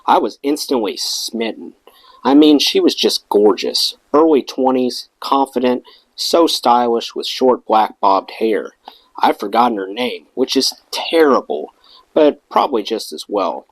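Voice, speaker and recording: A man reading a rock memoir aloud in an expressive storytelling manner. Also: medium pitch, measured pace, no room sound, rough recording. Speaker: audiobook reader.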